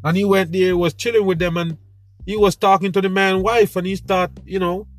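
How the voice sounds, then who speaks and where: High-voiced man ranting, faint music behind. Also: moderate pace. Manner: animated, preachy storytelling with street slang. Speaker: podcast host. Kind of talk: casual monologue.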